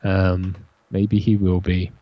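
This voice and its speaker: Man, low voice, dull lo-fi audio. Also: monotone, takes it slowly, dry recording. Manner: rambling, restarts often, jokey. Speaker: co-host of a film watch-party stream. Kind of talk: casual chat.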